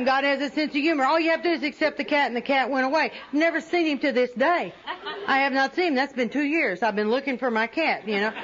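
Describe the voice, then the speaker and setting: A high-pitched woman shares personal stories at a recovery meeting and pokes fun at herself as she goes. The recording is dull and lo-fi, and a small audience murmurs faintly behind her in a meeting room. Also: fairly bright tone. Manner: humorous, self-mocking, laughs often while telling.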